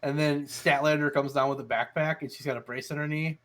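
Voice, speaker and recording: Animated, cursing man telling a story. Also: a little high, fairly quick, a crowd in the background. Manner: animated storyteller, swears a lot. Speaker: podcast co-host. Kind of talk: casual chat.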